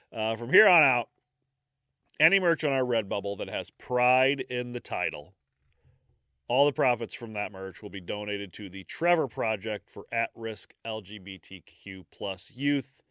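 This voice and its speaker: A man's voice: fairly low pitch, a bit bright, clean tone, no echo, studio quality. A man co-hosting a podcast in casual chat, easygoing and teasing, laughing often. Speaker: podcast co-host.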